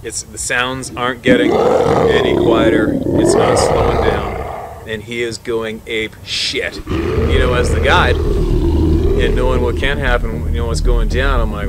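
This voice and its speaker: A man who works as a hunting guide tells a tense story in a vivid, excitable way, laughing often between phrases and swearing casually. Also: mid-range voice, moderate pace. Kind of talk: animated storytelling. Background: music.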